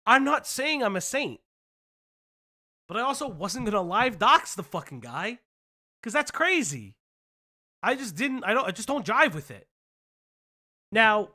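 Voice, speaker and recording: A woman's voice: mid-range voice, sharp tone. A woman hosting a commentary stream, talking bluntly and swearing often. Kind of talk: casual commentary.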